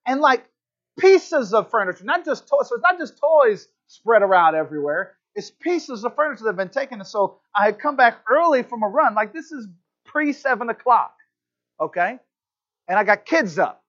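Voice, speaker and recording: A high-pitched male pastor preaching to his congregation. He tells stories in a chatty, self-deprecating way and often restarts his sentences. The recording is dull and lo-fi, taken in a church. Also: fairly bright tone. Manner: conversational, self-deprecating storytelling with frequent restarts. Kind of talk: sermon. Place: church sanctuary.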